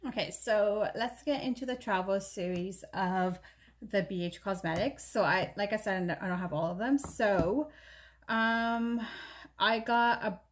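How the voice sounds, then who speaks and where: A beauty vlogger shows her makeup while chatting informally, her voice mid-range and her pace a little slow. She's talkative and meandering, often revising sentences halfway through.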